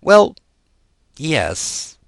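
An earnest young girl from a storybook, put on by a man, her voice lifted high and pleading. She sounds careful and polite, and the dry close sound keeps every word near. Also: wildly swooping pitch, drawn-out words, vocal fry, no room sound, full character voice.

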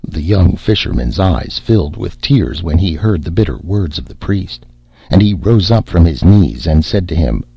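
A man narrating a classic fairy tale in a measured, expressive storytelling manner. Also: low-pitched, vocal fry, breathy edge, dry recording, lo-fi sound. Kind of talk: storybook reading.

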